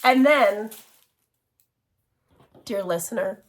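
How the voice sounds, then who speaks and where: A woman chatting casually in a show-and-tell craft vlog, gushing and excitable, with many restarts and laughs. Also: mid-range voice, very slow. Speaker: cross-stitch vlogger.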